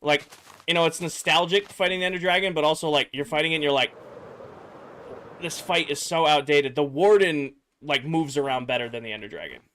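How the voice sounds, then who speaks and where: A man's voice: fairly high pitch, quick pace, slight background noise. Male streamer, young adult, worn out after work, easygoing chatter between viewer questions. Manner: relaxed, chatty, reads chat aloud and mutters while building. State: tired after a workday. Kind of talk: casual livestream chat.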